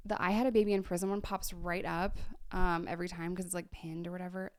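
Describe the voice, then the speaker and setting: Chatty gravelly woman reacting to old clips. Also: medium pitch, steady tone, quick pace, a little mellow, dry recording, studio quality. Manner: chatty, laughs often, drops to whispers. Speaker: YouTuber in recovery. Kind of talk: casual reaction vlog.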